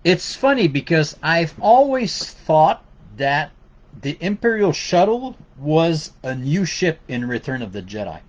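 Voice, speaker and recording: A man's voice: on the high side, sing-song, a little slow, highs cut off. A man with a Québécois French accent, hosting a casual podcast and talking loosely with many fillers and restarts. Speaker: podcast host. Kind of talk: casual bilingual podcast chat.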